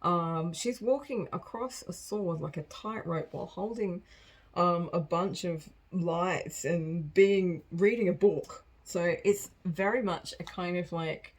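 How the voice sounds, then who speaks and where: Woman doing a rambly tarot reading for her viewers, lowish voice, talks loose and laughs a lot. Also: slow, poor audio. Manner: chatty and rambling, laughs often. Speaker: tarot card reader. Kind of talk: casual collective tarot reading.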